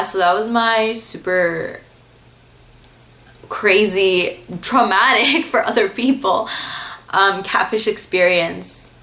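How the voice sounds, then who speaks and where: A young woman vlogger telling a story casually, rambling with lots of fillers and acting out quotes with big jumps in pitch. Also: fairly bright tone. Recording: echoey room.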